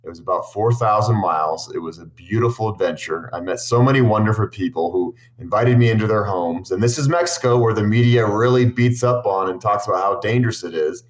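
A man's voice: lowish voice, brisk, few pauses. A man who makes cycling videos, answering interview questions with long, earnest, enthusiastic stories, full of restarts. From Boulder, Colorado. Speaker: cycling content creator.

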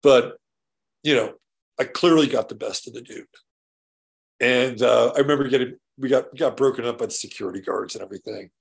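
A man hosting a casual solo show, his voice gravelly with plenty of fry. He rambles through a story and keeps checking in with "right?" between restarts. He swears now and then in an easygoing way. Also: medium pitch, fairly quick. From California. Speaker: show host.

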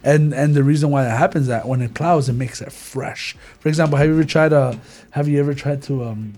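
A young man in a casual Bible discussion group, slangy and animated, tripping over fillers and restarts as he explains. His voice has a husky, breathy edge. He talks like a friend among friends. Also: on the high side, fast, faint music behind. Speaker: church youth group member.

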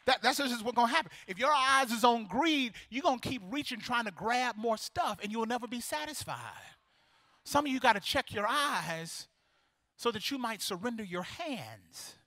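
High, bright-voiced preaching man. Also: normal speed, dry recording. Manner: animated preaching that builds to shouted praise; acts out voices in the story. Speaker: pastor. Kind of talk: sermon.

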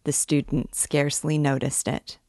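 A woman reading a classic novel aloud with steady, expressive delivery. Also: deep voice, moderate pace, no echo, studio quality. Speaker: reader.

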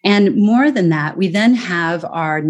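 An American woman in middle age speaks as an expert guest, explaining with earnest, lively emphasis. Her voice sits a little low for a woman. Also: slow pace. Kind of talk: conversational interview.

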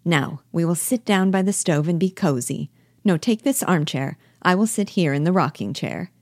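A woman's voice: fairly low pitch, normal speed, a little mellow, no echo, clean studio sound. A woman reading an eager, chattering young wife.

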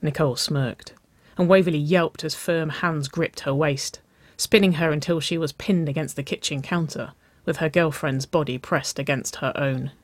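A narrator reading a romance story aloud in a soft, even storytelling delivery. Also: medium pitch, moderate pace, no room sound. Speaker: audiobook narrator.

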